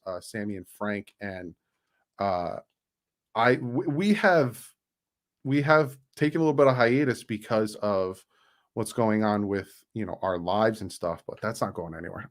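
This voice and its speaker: A man hosting a casual live stream, chatting loosely, reading out donations and plugging sponsors. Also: on the low side. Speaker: YouTube streamer and channel host.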